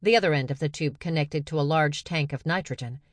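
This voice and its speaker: A woman narrating a science fiction story in a steady, measured way. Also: low voice, dry recording, clean studio sound. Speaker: audiobook narrator. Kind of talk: scripted narration.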